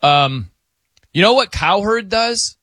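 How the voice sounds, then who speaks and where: A man's voice: sits high, expressive, takes it slowly, sharp tone, no echo, clean studio sound. A man hosting a radio show, chatting casually with a co-host, laughing and mimicking how people pronounce words. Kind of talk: casual on-air banter.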